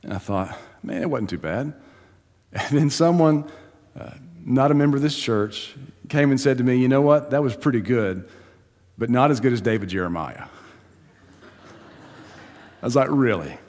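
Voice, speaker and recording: Man preaching, pastor, conversational storytelling, mid-pitched voice, long reverb of a church hall. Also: expressive, measured pace, pauses often, a little mellow. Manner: conversational storytelling with laughs and rising emphasis. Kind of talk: sermon.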